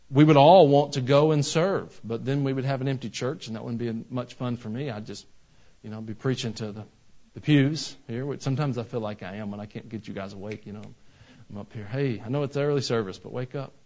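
A man preaching a sermon in a church, telling folksy stories and rising to loud, emphatic bursts. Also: a little high. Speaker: pastor. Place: church sanctuary. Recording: slightly dull lo-fi sound.

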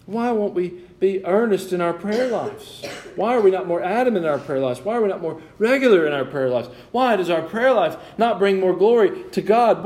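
A man's voice: sits high, a little mellow. Man preaching a sermon. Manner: preaching, rising and falling emphasis with asides to the congregation. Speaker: pastor.

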